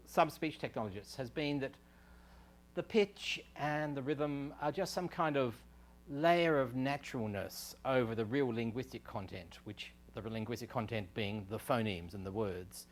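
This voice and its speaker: A man giving a university lecture on speech science, explaining step by step, with fillers and restarts. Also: mid-range voice. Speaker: research scientist giving a technical talk. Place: lecture room.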